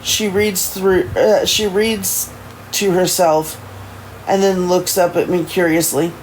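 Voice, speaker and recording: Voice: medium pitch, little pitch movement, slow pace, a little hiss or hum, poor audio. A streamer reading a first-person novel aloud on a livestream, often stumbling and correcting themselves.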